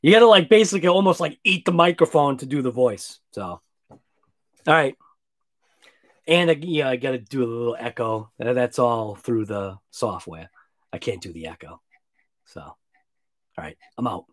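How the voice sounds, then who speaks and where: A tired man hosting a late-night live stream, rambling casually and trailing off quietly. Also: mid-range voice, lively intonation, moderate pace, pauses often. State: sleepy. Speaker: RC hobby channel host.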